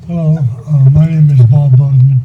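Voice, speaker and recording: A man's voice: a little high, steady tone, normal speed. A man introducing himself as the brother of the deceased at a memorial gathering, starting hesitantly. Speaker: eulogy speaker, brother of the deceased. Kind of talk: memorial eulogy. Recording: muffled event recording with loud background noise.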